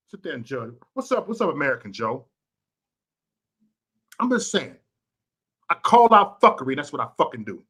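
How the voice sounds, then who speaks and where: A man's voice: sits high, big pitch swings, moderate pace, bright, forceful tone, breathy edge. A man from Chicago ranting bluntly and profanely on a vlog livestream, preachy and repetitive, talking to his chat viewers. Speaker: vlogger and livestream host.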